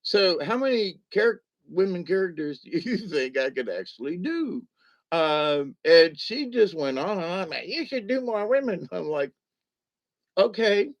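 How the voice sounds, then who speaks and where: A middle-aged livestream host and puppeteer rambles casually in a fairly high, very animated voice, unhurried and with no echo. He jokes, giggles often and keeps slipping into put-on funny voices.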